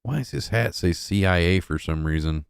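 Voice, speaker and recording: A man's voice: deep voice, expressive, moderate pace, gravelly, clean tone, no echo, studio quality. A man hosting a livestream, reacting to clips in a casual, mocking, offhand way and talking to his chat. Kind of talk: casual crude reaction commentary.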